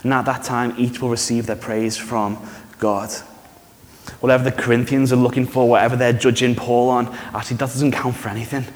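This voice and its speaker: A man preaching a sermon in a church, conversational and animated, often asking the congregation questions. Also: medium pitch, fairly quick. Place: church hall. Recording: reverberant church hall.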